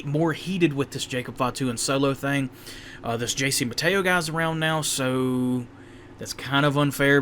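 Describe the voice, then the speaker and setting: A man's voice: medium pitch, a bit bright, slight background noise. A young man casually reviewing a wrestling show in a rambling, candid way, often stopping to correct himself.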